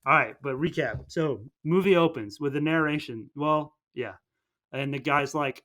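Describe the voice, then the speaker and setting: A man's voice: on the high side, moderate pace, a bit bright. A young man co-hosting a film podcast, chatting casually and enthusiastically, often restarting his sentences. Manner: rambling, enthusiastic, with many restarts. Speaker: podcast co-host.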